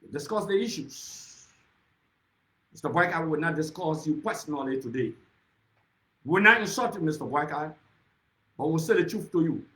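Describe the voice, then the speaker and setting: Fiery high-voiced Liberian man. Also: animated, moderate pace, pauses often, a bit bright, roomy sound, low-quality recording. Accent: Liberian English. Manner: accusatory, repeatedly addressing his target by name. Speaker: political speaker. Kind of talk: impassioned political speech.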